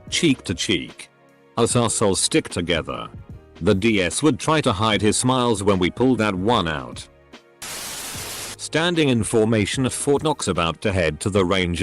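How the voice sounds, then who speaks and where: A man's text-to-speech voice narrating online posts as scripted story readings, with odd phrasing and pauses. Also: lowish voice. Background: faint background music.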